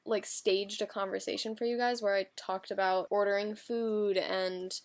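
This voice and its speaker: A woman's voice: medium pitch, little pitch movement, moderate pace. A young woman talking about her language studies in a casual, candid and self-reflective vlog chat. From United States. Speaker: language-learning vlogger.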